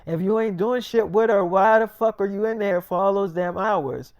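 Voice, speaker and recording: A man's voice: high-pitched, moderate pace, smooth, dry recording, clean studio sound. A man playing a jealous young wife who lays down rules firmly. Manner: firm, laying down rules.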